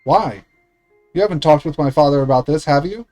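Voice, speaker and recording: A distraught teenage girl from a visual novel pleads and protests in a raised voice, read out by a man without changing his voice much. The tone is mellow and unforced. Faint game music sits behind the voice. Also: fairly high pitch, fairly quick, close to an everyday voice. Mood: pleading, upset. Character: distraught teenage girl confronting her mother.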